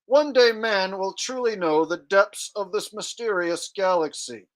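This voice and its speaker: A robotic speech-synthesizer voice recites in an even, mechanical monotone, as a man mimics it. It sits a little higher than a plain speaking voice. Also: a little slow. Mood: deadpan. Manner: monotone, mock-computerized delivery. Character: flat, robotic speech-synthesizer voice of a famous scientist.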